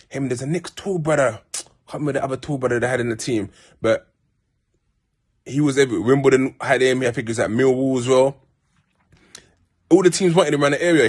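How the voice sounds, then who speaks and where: A South London man talks straight to camera in a loose, rambling way. He circles back and restarts often and drops street slang. His tone is sincere and heartfelt, pitched at a middle level. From Peckham, South London. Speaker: vlogger. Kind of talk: casual storytelling monologue.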